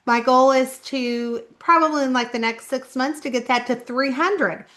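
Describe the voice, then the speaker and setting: Bright-voiced woman with a Southern Indiana twang. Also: high-pitched, moderate pace. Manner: chatty, self-conscious, laughs often. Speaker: author vlogger. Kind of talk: casual talk to camera.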